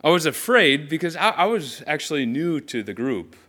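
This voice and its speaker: A man's voice: on the high side, moderate pace, heavily acted. A man playing Nathaniel, an awestruck disciple. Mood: animated. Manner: animated storytelling, speaks straight to the listeners. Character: earnest young male follower of Jesus, awestruck. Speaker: preacher in character. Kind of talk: first-person biblical character monologue.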